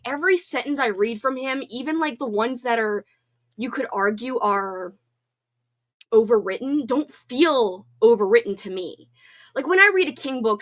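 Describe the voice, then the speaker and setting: A woman in her thirties hosting a casual livestream hangout, chatting and reading viewer comments aloud. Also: on the high side. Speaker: host.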